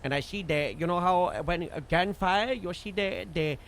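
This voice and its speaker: A man casually recounting a role-play shift as a streamer, rambling with lots of fillers and animated bursts. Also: high-pitched, normal speed, a little hiss or hum. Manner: rambling, full of "you know" and "like" fillers; animated retelling with sudden loud bursts. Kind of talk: casual storytelling recap.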